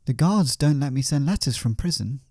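A man's voice: medium pitch, lively intonation, moderate pace, mellow, dry recording, clean studio sound. A man doing a whiny lovesick jailed poet. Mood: anxious.

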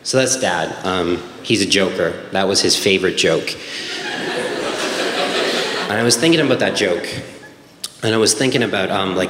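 A man's voice: sits low, a bit bright. A young man telling a personal story on stage, conversational and wry, with lots of "like" and "um.". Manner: conversational, wry, many fillers like "like" and "um". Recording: roomy hall with faint room noise.

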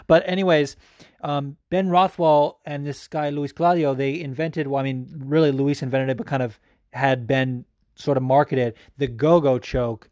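A man hosting a podcast, talking casually in a rambling, excitable way with plenty of fillers and swearing. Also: medium pitch, normal speed, no room sound, studio quality. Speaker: podcast host. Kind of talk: casual chat.

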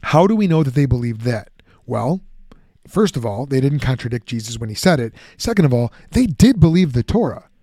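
Guy teaching bible stuff, animated, chatty, dry close recording. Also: mid-range voice, brisk, dry recording. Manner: animated, conversational, acts out objections.

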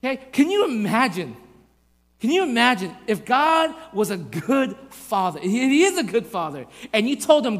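A man preaching a sermon to his church, asking rhetorical questions and acting out little stories with lively voices. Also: very high-pitched, normal speed. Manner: animated, acts out voices in anecdotes, rhetorical questions. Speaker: pastor. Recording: long hall reverb.

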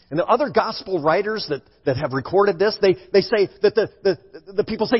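A male pastor preaching a sermon in an animated way, at times acting out frightened voices. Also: high-pitched, moderate pace, breathy edge. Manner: animated, acts out scared voices for effect. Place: church sanctuary. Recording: dull sound with long hall reverb.

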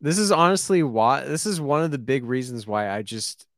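Man, mid pitch, casual podcast chat, hesitant, restarts often, dry close sound. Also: animated, normal speed, no room sound. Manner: hesitant, many restarts, self-effacing. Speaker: podcast co-host.

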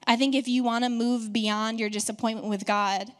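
A woman's voice: fairly high pitch, steady tone, normal speed, clear, resonant tone. A woman pastor giving a conversational, encouraging sermon to her congregation and asking them questions.

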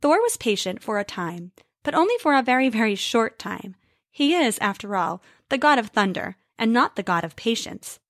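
Woman reading a storybook, expressive. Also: a little high, moderate pace, dry recording, studio quality. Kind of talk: storybook read-aloud.

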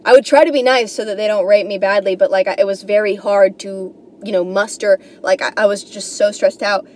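A woman's voice: mid-range voice, fairly even intonation, brisk, a little hiss or hum. A young woman from New York hosting a comedy podcast, rambling and swearing, with lots of "like" and "you know". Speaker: podcast host. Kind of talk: casual comedic monologue.

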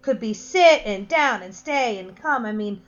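A woman's voice: on the high side, expressive, a little slow. A woman co-hosting a podcast, chatting casually about training her dogs, rambling with restarts. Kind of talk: casual chat. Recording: dull lo-fi sound.

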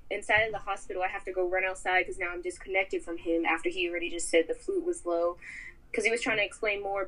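Woman, husky, mid-pitched, casual rambling story, phone-call guest. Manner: rambling, filler-heavy, animated retelling. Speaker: podcast guest.

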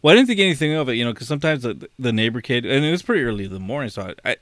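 A man's voice: mid-range voice, lively intonation, racing, a bit bright, no echo. A man co-hosting a podcast, telling a long story in casual chat, with many restarts. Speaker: podcast co-host.

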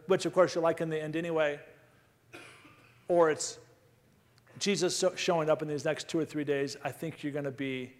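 Man preaching, repetitive build-up, emphatic, slightly high-pitched, reverberant hall. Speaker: speaker. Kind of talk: closing a sermon.

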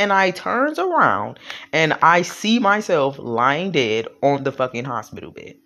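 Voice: medium pitch, sing-song, normal speed, sharp tone. A vlogger telling their own life story in casual spoken style, frank and profane, rambling with fillers and frequent check-ins with the audience.

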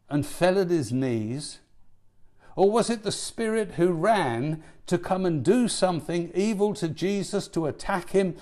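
A male preacher delivering a sermon in a fairly high, very lively voice. He fires off rhetorical questions and swings up into emphatic, driving passages before dropping back down. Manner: animated, rhetorical questions, rising to emphatic peaks.

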